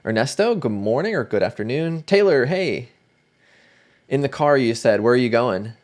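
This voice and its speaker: A man hosting a casual livestream, chatting in a relaxed way and greeting viewers by name. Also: mid-range voice, normal speed. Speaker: livestream host.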